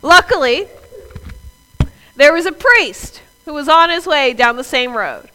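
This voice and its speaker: A woman's voice: high-pitched, animated, a little slow, sharp tone, slight background noise, poor audio. A woman preacher, preaching a sermon in a conversational way and talking straight to the congregation. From US South. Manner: conversational, addresses the congregation directly.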